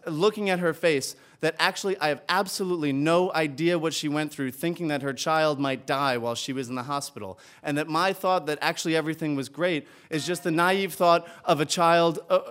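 A man with a high, light voice tells a true story from a stage, lively and comic, and turns tender near the end. He performs it live before an audience. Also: clear, resonant tone. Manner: animated, comic, builds to heartfelt.

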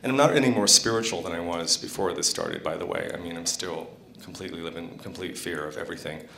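A man's voice: deep voice, fast talker, vocal fry, background noise. A man candidly telling a rambling personal story on stage at a live storytelling event, with many fillers and restarts.

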